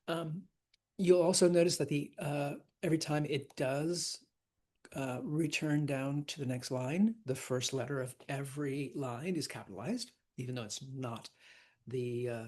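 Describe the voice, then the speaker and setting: A man teaching a class on verse, animated and laughing often, repeating words to stress them. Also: mid-range voice, unhurried. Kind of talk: classroom lecture.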